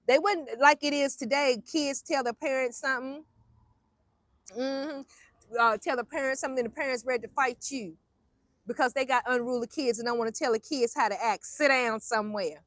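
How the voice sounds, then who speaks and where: An older grandmother tells stories in a high, bright voice. She is animated and acts out every voice she quotes. The sound is close and dry, with no room around it. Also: normal speed, dry recording. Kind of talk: casual storytelling chat.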